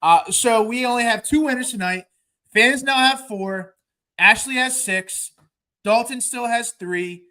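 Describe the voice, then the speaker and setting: A man's voice: extremely high pitch, measured pace, bright, forceful tone. A man running the trivia segment of a casual sports podcast, loose and joking. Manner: loose, joking, rambling with fillers.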